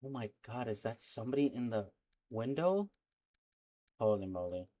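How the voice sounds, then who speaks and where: Rambling young reaction-video host. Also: male voice, medium pitch, lively intonation, normal speed, mellow. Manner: rambling, hesitant, lots of fillers and slang. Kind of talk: casual reaction commentary.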